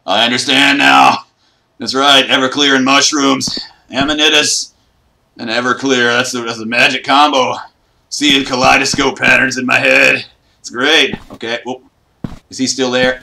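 Man, gaming commentary, joking trash talk, sudden yelps, medium pitch, noisy recording with clicks. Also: creaky, sharp tone. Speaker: gaming YouTuber. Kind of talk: horror game let's play commentary.

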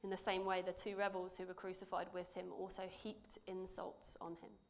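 A woman's voice: fairly low pitch, monotone, slight background noise. Earnest woman preaching a sermon. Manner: measured, earnest, dropping to quiet emphasis. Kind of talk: sermon with scripture reading. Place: church.

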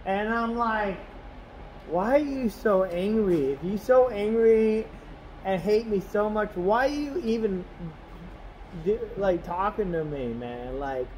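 A man with a notably high voice talks into the camera from inside his car. He rambles and complains, circling back on himself with constant "you know"s, and a faint hum of ambience sits behind him. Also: expressive, takes it slowly, poor audio. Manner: aggrieved, complaining. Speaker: delivery driver vlogger. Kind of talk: casual vlog rant. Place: in his car on a snowy road.

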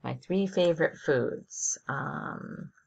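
A woman teacher walking students through a software assignment step by step on a screen recording, narrating each click. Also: low voice, slow, gravelly, a little hiss or hum.

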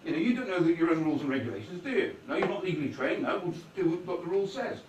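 A man's voice: fairly high pitch, lively intonation, very fast, recorded from a distance, background noise. A man giving a rambling, conversational public talk to an audience in a meeting hall, often checking in with "right?". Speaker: guest speaker. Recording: echoey hall recorded from afar.

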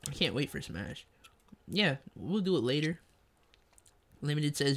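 A young man streaming a kart racing game, chatting in slang, joking, reading chat aloud and yelling at the game. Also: fairly high pitch, big pitch swings, unhurried. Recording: faint game music behind.

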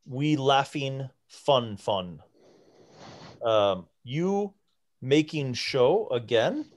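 Un hombre imitando a un gigante de las nubes que habla entrecortado. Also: male voice, medium pitch, expressive. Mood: jovial. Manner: slow halting broken speech. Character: lead cloud giant, male, huge, broken common.

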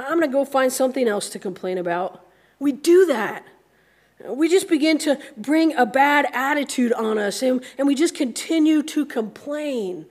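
An American woman pastor giving a conversational sermon, acting out the voices of people in the story now and then. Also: sits high. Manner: conversational, acts out grumbling voices.

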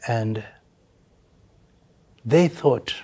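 A man's voice: mid-range voice, very slow, warm tone, slightly rough. An older man with a Kenyan accent, a veteran musician speaking bluntly and emphatically in a casual interview, dropping in Swahili phrases.

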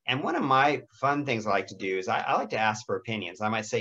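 A middle-aged man with a raspy voice giving a lecture on caring for people with dementia, gentle and often clearing his throat. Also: lowish voice, big pitch swings, fast, few pauses, muffled recording. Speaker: dementia care educator. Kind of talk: lecture presentation with slides.

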